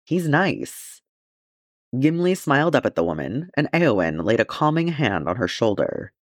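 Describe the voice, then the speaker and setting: Lively, expressive male audiobook narrator. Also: medium pitch, normal speed, no room sound. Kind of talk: fan fiction audiobook narration.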